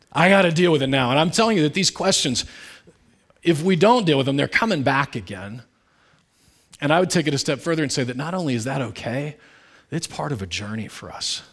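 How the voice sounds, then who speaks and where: A pastor delivers a sermon in a candid, conversational style packed with asides. He swings between loud, emphatic bursts and quiet, low remarks.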